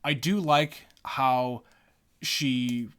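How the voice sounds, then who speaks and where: Man podcast co-host, casual movie recap, rambling, stop-start delivery, mid-pitched. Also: drawn-out words, a bit bright, clear, resonant tone. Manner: rambling, repeats words, many fillers.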